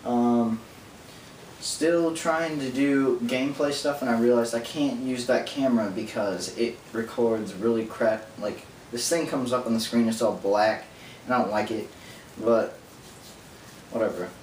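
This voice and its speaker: A man rambles to his camera in a fast, nerdy monologue full of tangents and asides. His voice sits in the middle range and sounds distant from the microphone. A roomy echo and a faint hum fill the background. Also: mid-range voice, darkish tone. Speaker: vlogger.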